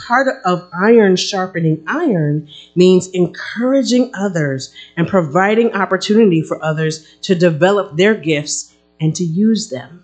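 A woman's voice: on the low side, a little mellow. A woman pastor giving a conversational sermon, acting out little everyday scenes as she preaches.

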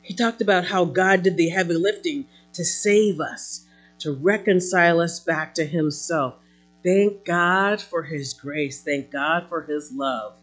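A woman preaching a sermon in an expressive way, swinging between loud emphasis and soft asides, with fillers now and then. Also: on the low side, measured pace, faint music behind.

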